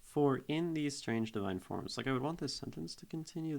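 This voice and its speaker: A man's voice: mid-range voice, animated, a little fast, gravelly, hardly any pauses. A young man streaming live, casually talking through a poem and reacting to chat, thinking aloud at a desk mic. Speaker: streamer critiquing poetry.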